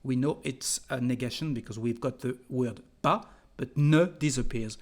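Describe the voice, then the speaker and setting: A man's voice: mid-range voice, normal speed. A man with a French accent, teaching French to English speakers and repeating example phrases patiently. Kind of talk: language lesson.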